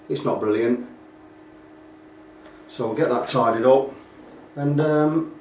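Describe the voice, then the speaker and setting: A British man walks casually through a guitar repair in his workshop, rambling and noting faults as he goes. His mid-range voice has a darkish tone, recorded in an echoey room with the mic at a distance and a little hiss or hum.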